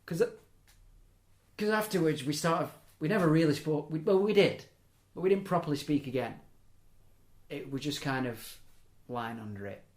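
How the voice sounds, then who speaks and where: A man's voice: a little high, normal speed, a little mellow. Rambling young man. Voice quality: rambling, self-interrupting, chuckling asides. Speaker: podcast host. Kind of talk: casual storytelling chat. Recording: echoey room.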